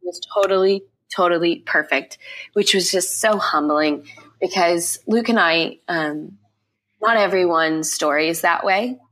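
A young woman guest on a podcast, telling her personal testimony in an emotional, quick retelling full of repeated phrases. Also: fairly low pitch, fairly bright tone.

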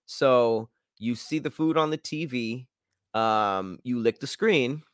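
A man's voice: mid-range voice, slow, smooth, dry recording, clean studio sound. A man co-hosting a podcast in casual chat, telling stories in a playful, joking way. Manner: playful, jokey storytelling. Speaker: podcast co-host.

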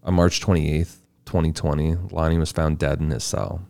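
A man's voice: very deep voice, level tone, normal speed, gravelly, darkish tone, no room sound. A man co-hosting a podcast, reading out researched facts in a casual tone and adding short asides. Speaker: podcast co-host presenting the research. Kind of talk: casual true-crime podcast narration.

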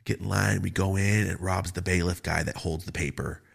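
A man hosting a podcast, telling a story in a casual, profane, animated way and acting out other people's lines. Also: deep voice, moderate pace, vocal fry. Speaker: podcast host.

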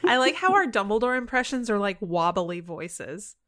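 A woman's voice: medium pitch, very animated, normal speed, fairly bright tone. Giggly woman chatting on a podcast. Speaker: podcast co-host. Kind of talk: casual podcast chat.

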